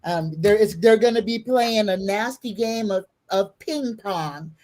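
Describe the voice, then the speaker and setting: A woman's voice: medium pitch, measured pace, darkish tone. A woman in a casual political chat on a video call, making folksy, earnest predictions.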